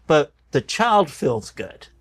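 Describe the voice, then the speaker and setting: An older man, a doctor appearing as a guest, tells stories in conversation and acts out the voices of the people in them. His voice sits on the high side, slow with a breathy edge, and he tears up as he animatedly plays the quoted characters. The recording is dry and studio quality.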